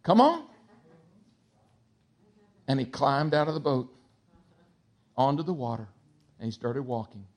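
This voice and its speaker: A man preaching a sermon, moving from quiet, hushed storytelling to loud, high-pitched excitement, with stammering restarts. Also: normal speed, long pauses. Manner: animated preaching, swings from hushed to shouting. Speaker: pastor.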